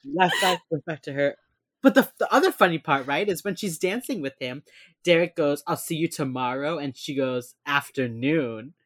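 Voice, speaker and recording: A woman talks through a story in a casual chat, her pitch bouncing widely as she acts out little bits of dialogue. The sound is dry and close, with no room around her. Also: normal speed, no room sound. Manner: animated retelling, acts out characters' lines, laughs often. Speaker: podcast co-host recapping a TV episode.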